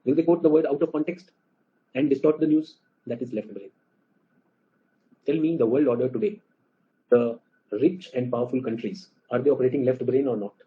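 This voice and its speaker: A man lectures a class with an Indian English accent, animated and always checking whether the students follow. He talks at a brisk clip in a mid-pitched voice. The recording sounds muffled and lo-fi. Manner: animated, asks the class questions often. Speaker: teacher.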